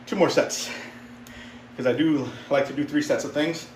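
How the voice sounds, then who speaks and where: A man's voice: medium pitch, steady tone, moderate pace, a little mellow, slight background noise. Chatty man in his fifties, echoey gym. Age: 50s. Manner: chatty, upbeat, talks to viewers between sets. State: out of breath after sets. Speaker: fitness streamer. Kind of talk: casual live-stream chat while lifting.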